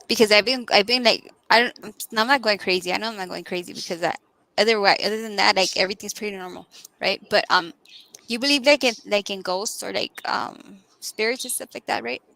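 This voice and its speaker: A woman's voice: medium pitch, fairly quick, creaky, no echo, poor audio. A woman chatting casually on a live stream, telling a story with lots of "like" and "right?". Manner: animated storyteller, fillers like "right?" and "like". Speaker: guest co-host.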